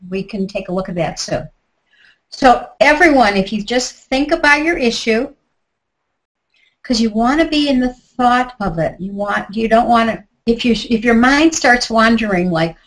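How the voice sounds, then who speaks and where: A woman's voice: on the high side, normal speed, low-quality recording. A middle-aged woman teaching a tapping technique in a live online workshop, chatty and guiding step by step with asides. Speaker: tapping instructor.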